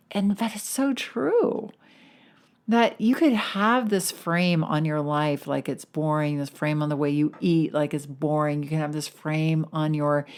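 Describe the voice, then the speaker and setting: A middle-aged woman with a low voice who hosts a weight loss coaching podcast. She talks in a chatty, encouraging monologue and leans into key words with animated emphasis.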